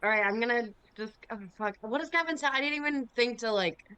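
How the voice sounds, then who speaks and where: A woman's voice: fairly high pitch, fast talker, dull audio, heavy background noise. A woman playing a tabletop game, talking casually and thinking aloud. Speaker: player.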